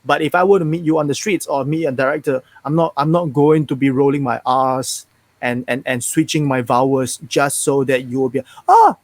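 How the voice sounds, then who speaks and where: A man's voice: medium pitch, fairly quick, no echo. A young man with a neutral Singaporean English accent, a Mandarin native speaker, talking frankly as a guest actor in a casual interview. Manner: frank, animated, many restarts.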